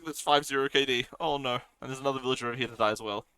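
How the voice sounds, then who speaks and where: A man's voice: mid-range voice, clean tone. A man from Australia casting a strategy game live, reacting eagerly to plays and answering chat. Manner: excitable, quick reactions, reads viewer chat aloud. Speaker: caster.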